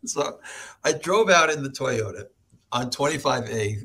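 Husky middle-aged man telling stories. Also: medium pitch, takes it slowly. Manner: animated storyteller who laughs often and acts out voices. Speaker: podcast guest, professor. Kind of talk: storytelling in an interview.

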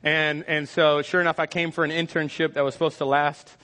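A man, preaching a lively, joking sermon and acting out scenes. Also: on the high side, fairly quick. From Texas. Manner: energetic, joking, acts out scenes in voices. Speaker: pastor. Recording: long hall reverb.

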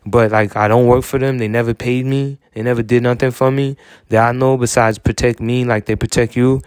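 Rambling man with a smooth voice. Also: mid-range voice, little pitch movement, a little fast, a little mellow, no room sound, studio quality. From United States. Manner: rambling, repeats filler phrases, swears often. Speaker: podcast host. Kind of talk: rambling personal monologue.

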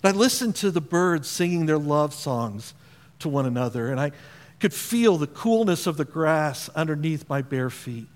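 In a church auditorium with a long reverb tail, a pastor preaches a sermon at normal speed in an animated, rather high voice. He keeps it conversational and asks the congregation questions.

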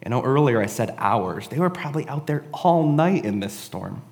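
A man's voice: mid-range voice, lively intonation, moderate pace, long reverb tail. A man giving a casual, conversational sermon, often adding "right?" and "honestly". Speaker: preacher.

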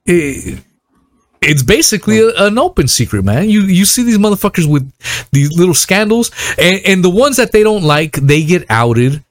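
A man's voice: high voice, very animated, normal speed, no room sound. A man hosting a casual podcast chat, swearing constantly and laughing often.

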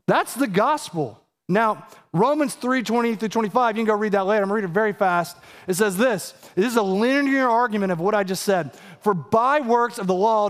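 A pastor in his thirties preaching a sermon, emphatic and urgent, firing direct questions at his listeners. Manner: emphatic, rising to urgent high peaks and asking the audience direct questions.

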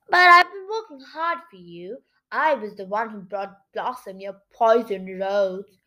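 A woman's voice: fairly high pitch, pushed and bright, poor audio. A woman voicing a boil-covered male chameleon who grovels and wheedles in a storybook reading.

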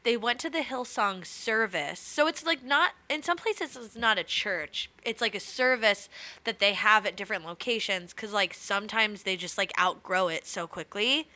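A young woman chatting on a podcast, animated and quick with asides, dropping the odd swear word. Her voice sits at a mid pitch with a bright, crisp edge. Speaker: podcast co-host. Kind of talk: casual chat.

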